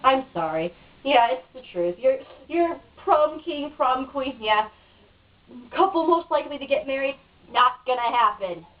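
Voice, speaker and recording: A woman's voice: high-pitched, expressive, a little slow. A woman being interviewed in a casual home video, talking in a frustrated, cynical rant. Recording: dull lo-fi, mic at a distance.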